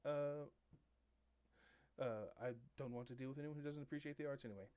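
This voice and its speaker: A man's voice: mid-range voice, a little fast, dark tone, clean tone, natural voice. A man voicing a huge, reserved male minotaur who speaks in short, curt lines. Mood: dismissive.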